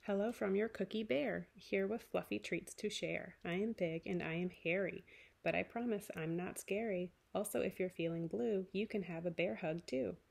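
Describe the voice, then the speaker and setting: A woman's voice: medium pitch, normal speed, vocal fry, a little mellow, a little hiss or hum. A woman voicing a big, hairy, earnest male bear who delivers cookies in a storybook read-aloud, singing and speaking his lines. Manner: sung and spoken storybook voice, earnest.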